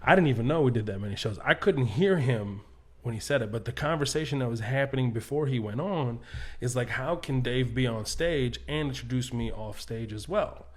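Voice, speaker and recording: A man speaks as a podcast guest and spins a backstage story with a loose, casual flow. He acts out the other people's lines as he goes and laughs easily. His voice sits at an everyday middle pitch. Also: fairly quick. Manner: animated, acts out quotes, laughs often.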